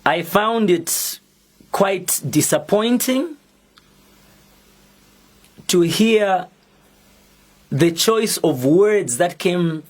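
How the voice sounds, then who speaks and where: A young Zambian man with a Zambian accent, speaking as an activist in a prepared public statement, slow, deliberate and defiant. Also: high-pitched, animated. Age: young adult.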